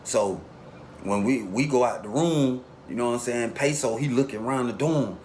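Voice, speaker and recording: A man casually telling a long story in a relaxed street way, acting out the voices of the people in it. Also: medium pitch, normal speed, a little hiss or hum. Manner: laid-back street storytelling, acts out quotes.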